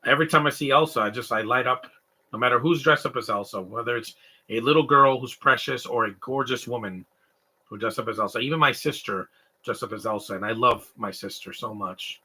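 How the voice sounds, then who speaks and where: A young man from Canada co-hosting a live stream, rambling through casual comedic chat. His voice is very bright and husky, and his talk is animated and digressive. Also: mid-range voice, fairly quick. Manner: rambling, animated, mimics stutters and sobbing noises.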